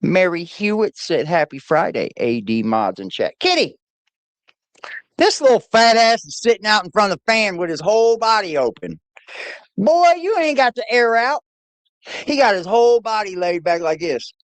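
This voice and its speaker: A woman's voice: medium pitch, sing-song, normal speed, no room sound. A woman hosting a casual livestream, playfully greeting chatters by name one after another on a laptop mic. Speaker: livestream host.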